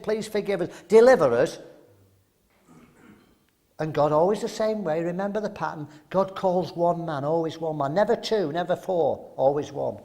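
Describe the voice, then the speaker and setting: High-voiced emphatic older male preacher. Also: dark tone. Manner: emphatic, rhetorical questions, acts out voices. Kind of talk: sermon.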